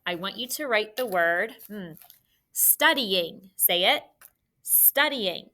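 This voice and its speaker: A woman's voice: medium pitch, animated, takes it slowly, bright, forceful tone. A woman teacher leading a spelling lesson, sounding out words letter by letter.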